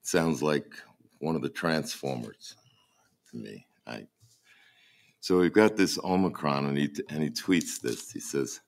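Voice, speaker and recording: A man preaching a sermon as pastor, emphatic and often halting to repeat his words, with a dry mocking humour. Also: very deep voice, lively intonation, vocal fry.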